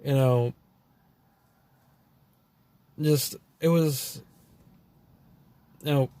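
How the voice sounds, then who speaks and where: This Texan speaks very slowly in a warm, steady, mid-range voice, recorded without echo. His Texan-accented monologue rambles through profane, loose stories, heavy on fillers and trailing thoughts.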